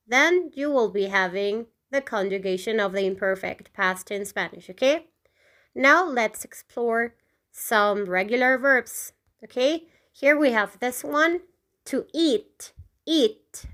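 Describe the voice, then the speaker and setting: A woman's voice: a little high, a bit bright. A woman teaching a Spanish lesson, saying each Spanish form twice and checking in with "okay?" as she goes. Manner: repeats each word twice, frequent "okay?" check-ins; pronounces Spanish words slowly and clearly. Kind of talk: slow, repetitive language lesson.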